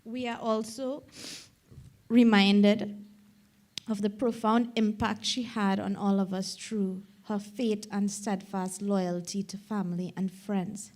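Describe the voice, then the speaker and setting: A middle-aged Trinidadian woman, a daughter giving a funeral eulogy, reading slowly and earnestly and close to tears at times. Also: medium pitch, little pitch movement, darkish tone. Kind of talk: funeral eulogy read aloud.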